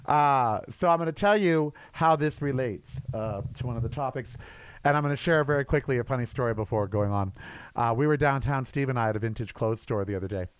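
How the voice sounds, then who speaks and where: A man's voice: mid-range voice, brisk, clean tone, no echo. A man in his sixties hosting a casual solo podcast, chatty and campy, laughing at his own stories. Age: 60s. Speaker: podcast host.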